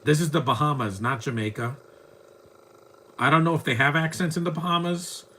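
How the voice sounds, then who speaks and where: A man's voice: on the high side, brisk, bright, forceful tone, husky. Chatty man riffing on a bad movie. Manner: rambling, chatty, mocking the film. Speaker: movie commentary host. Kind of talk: casual live movie commentary.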